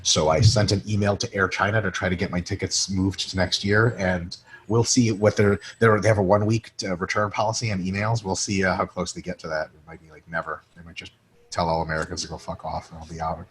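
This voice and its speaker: A man's voice: sits low, flat delivery, fast talker, a little hiss or hum. A man co-hosting a casual podcast, joking and swearing freely while reading listener questions aloud and answering them. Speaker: podcast co-host.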